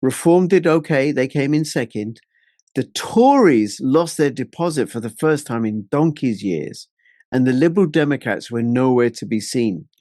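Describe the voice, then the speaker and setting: A man's voice: mid-range voice, animated, normal speed, dark tone, dry recording. English man, host of a casual politics chat, friendly conversational delivery, dry close sound. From England. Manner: chatty, laughs easily, plain conversational delivery.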